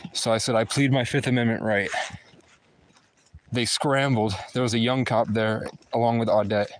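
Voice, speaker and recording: A man ranting to his viewers in an aggrieved, fast-flowing monologue. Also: medium pitch, steady tone. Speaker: vlogger. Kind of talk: agitated monologue to camera.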